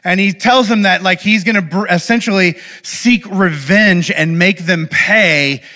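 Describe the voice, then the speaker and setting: A young man speaking to a live audience in an animated, playful way, often checking in with the audience. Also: high voice, a little slow. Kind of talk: lively talk to a live audience.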